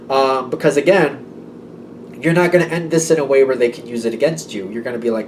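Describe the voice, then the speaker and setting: A man's voice: mid-range voice, normal speed, darkish tone, slight background noise, low-quality recording. A man giving a casual tarot reading, rambling and correcting himself, often speaking the listener's imagined thoughts aloud. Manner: rambling, self-correcting, voices clients' thoughts. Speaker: tarot reader.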